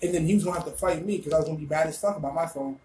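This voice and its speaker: A young man telling a story casually, animated, rambling and full of swearing. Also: on the high side, very fast, reverberant, a little hiss or hum, poor audio.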